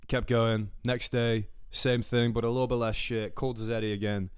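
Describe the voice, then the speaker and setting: A man's voice: mid-range voice, level tone, normal speed, clean tone, no echo, studio quality. A young man, a podcast co-host, telling a crude travel story in casual chat, laughing and acting out the people he met. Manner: crude, laughing, acts out quoted dialogue.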